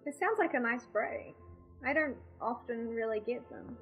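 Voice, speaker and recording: A woman's voice: a little high, lively intonation, normal speed, phone-quality sound, soft background music. A woman with a New Zealand accent, a guest chatting casually on a podcast, self-deprecating and full of "like" fillers. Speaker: guest streamer.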